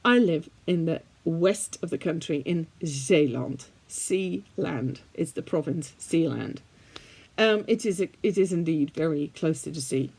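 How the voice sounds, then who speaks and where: A woman's voice: deep voice, a little slow, a little mellow, husky. A Dutch woman, a native Dutch speaker, chatting casually to her viewers in English with a faintly British-leaning Dutch accent, chatty and self-deprecating, with lots of fillers. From Netherlands. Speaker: art vlogger. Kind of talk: casual chat to camera.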